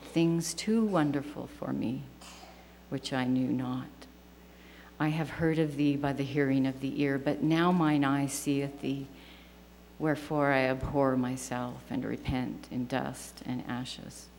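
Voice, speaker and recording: A woman with a low voice leads a scripture lesson, reading verses aloud earnestly and reverently. She speaks slowly and deliberately. Her voice rings with a long hall reverb over a faint hum. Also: gravelly, darkish tone. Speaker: class teacher.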